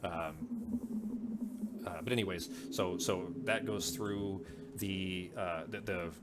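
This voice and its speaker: Man, game master, tabletop narration, deep voice, halting with fillers, loud music behind. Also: fairly even intonation. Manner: halting, many fillers and restarts. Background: background music.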